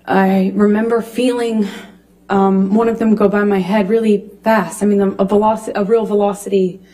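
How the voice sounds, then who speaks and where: A woman giving courtroom testimony, speaking haltingly with frequent restarts and pauses. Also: medium pitch, level tone, dark tone. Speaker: witness.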